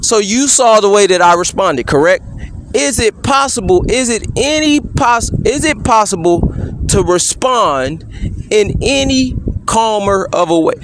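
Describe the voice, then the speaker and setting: Man, high-pitched voice, cross-examining an officer, leading questions, measured and insistent. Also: expressive, noisy background. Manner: pointed leading questions, repeatedly asking "correct?". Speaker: person questioning a police officer. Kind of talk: courtroom-style cross-examination.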